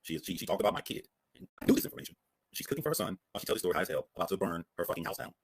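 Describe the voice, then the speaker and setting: A man's voice: low voice, big pitch swings, racing. A man hosting reaction commentary on a clip, confrontational, mocking and profane. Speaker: commentary host.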